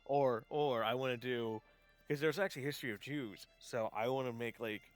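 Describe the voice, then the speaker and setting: A man chatting casually on a live gaming stream, rambling with lots of fillers and restarts, laughing often and getting excited. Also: mid-range voice, moderate pace, no room sound, soft background music. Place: home setup, gaming stream.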